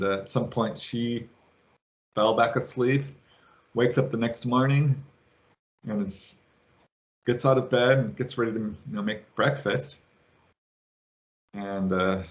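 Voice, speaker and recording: A man guest on an interview show, retelling a witness's story with lively quoted voices. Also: medium pitch, dull audio. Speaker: guest, UFO researcher.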